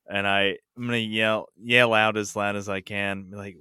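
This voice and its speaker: Male player, bright crisp voice, halting, describes his moves. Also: lowish voice, fairly even intonation, no room sound, studio quality. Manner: hesitant, filler-laden, describing actions in character. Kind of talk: casual tabletop game play.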